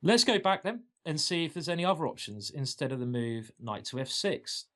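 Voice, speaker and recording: A man teaching a chess opening in a lively, playful way, walking through moves and plans with enthusiasm. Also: fairly high pitch, brisk. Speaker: chess coach. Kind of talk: chess lesson.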